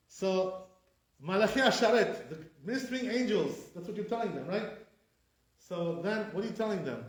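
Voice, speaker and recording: A rabbi gives a classroom pronunciation lesson, correcting and repeating words while posing rhetorical questions to his listeners. His somewhat high male voice swings widely in pitch and runs a little fast, with echo from the room around him.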